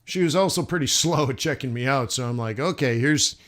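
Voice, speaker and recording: A man's voice: medium pitch, fast, a bit bright. Chatty man rambling on a livestream. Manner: rambling, chatty, many fillers and restarts. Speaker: live forex trading streamer. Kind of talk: casual livestream chat. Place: southern United States.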